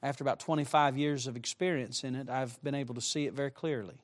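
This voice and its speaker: A middle-aged man preaching to young people, with emphatic direct appeals and shifts between soft asides and loud, rising emphasis. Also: medium pitch, quick pace. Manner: emphatic, repeatedly urging listeners with direct appeals. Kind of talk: sermon to a youth congregation.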